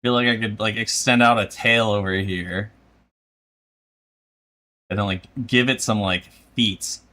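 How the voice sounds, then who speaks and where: A man's voice: lowish voice, steady tone, measured pace, pushed and bright. A man chatting casually on a live stream while he draws, rambling with lots of filler and laughter.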